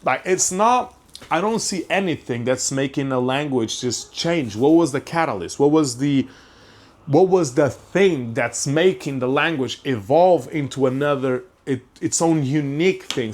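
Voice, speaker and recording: A man's voice: medium pitch, animated, moderate pace. A young man, rambling through a casual podcast monologue, full of questions and frequent swearing. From Portugal. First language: Portuguese. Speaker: podcast host.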